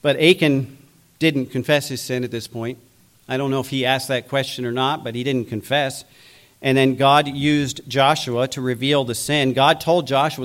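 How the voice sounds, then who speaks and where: A man's voice: medium pitch, fairly even intonation, normal speed, a bit bright. A man preaching a sermon, acting out biblical figures' voices as he goes. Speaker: pastor.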